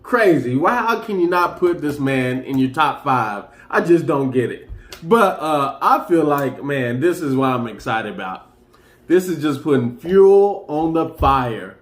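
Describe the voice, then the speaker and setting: A man's voice: fairly high pitch, lively intonation, measured pace, roomy sound. A man hosting a casual sports talk show, rambling loosely and getting hyped as he runs through the news. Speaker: sports commentary host.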